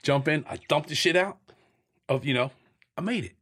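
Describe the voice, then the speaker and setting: A profane, blunt middle-aged man, an interview guest, animatedly acts out scenes and adds sound effects while telling his stories candidly in a sit-down interview. His voice is fairly high and slightly rough, at normal speed.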